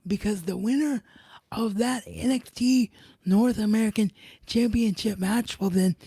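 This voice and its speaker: A man hosting a solo recap show, retelling events with excitement and paraphrasing others' lines. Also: high voice, measured pace, husky, no room sound. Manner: excited storytelling, paraphrasing others in their own words. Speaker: podcast host.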